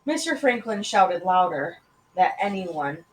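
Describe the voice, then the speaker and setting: A woman teacher reading a chapter book aloud to second graders in an expressive, animated way. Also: medium pitch, unhurried. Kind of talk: reading a storybook aloud to children. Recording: echoey room.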